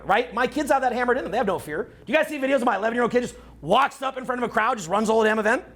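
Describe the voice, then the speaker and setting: Brash Canadian coach in his forties, raspy throat, pitch swinging wide, cursing through a live talk. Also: rapid-fire, hardly any pauses. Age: 40s. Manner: brash, profane, animated lecturing with mocking put-on voices. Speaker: dating and social skills coach. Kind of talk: live seminar talk to a crowd.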